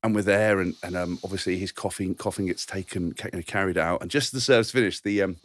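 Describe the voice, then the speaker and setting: A man co-hosting a podcast, telling rambling, animated stories in casual chat. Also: sits low, quick pace. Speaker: podcast co-host.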